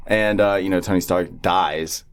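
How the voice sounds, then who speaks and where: A man's voice: sits low, fairly even intonation, measured pace, heavy background noise. A young man, rambling through a casual podcast chat, joking and swearing freely. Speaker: podcast co-host.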